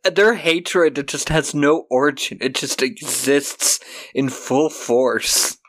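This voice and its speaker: A man co-hosting a podcast, recapping a film in casual chat, laughing, swearing and acting out lines in quick voices. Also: medium pitch, fairly bright tone. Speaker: podcast co-host.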